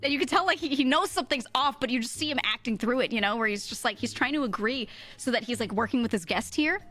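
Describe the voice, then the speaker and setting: A woman's voice: on the high side, animated, quick pace, a bit bright, soft background music. A woman streamer telling a rambling story in casual chat, swearing freely, often laughing and correcting herself.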